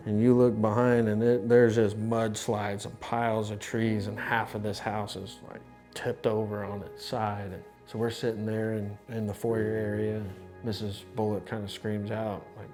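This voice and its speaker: A low-voiced man recounts his experience for a documentary, talking in a loose, conversational way full of restarts and asides. Music plays clearly underneath him. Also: moderate pace. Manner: conversational, animated, with many restarts. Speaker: insurance adjuster. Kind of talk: documentary storytelling.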